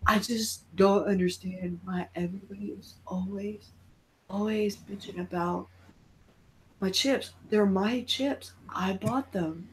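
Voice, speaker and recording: A woman's voice: medium pitch, slow pace, pitched below the performer's own voice, natural voice. Woman doing a mopey male demon office worker. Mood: whiny. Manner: whiny, mopey and self-pitying.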